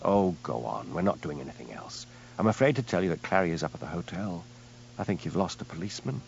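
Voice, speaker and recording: Guy reading as a brisk young woman, teasing and practical, low muffled audio. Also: lively intonation, gravelly, slight background noise. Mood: coaxing. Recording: dull lo-fi audiobook recording.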